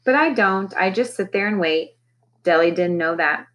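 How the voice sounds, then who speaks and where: A woman's voice: mid-range voice, animated, moderate pace, a bit bright. A woman, a teacher, reading a children's novel aloud expressively and raising her voice for the characters' lines.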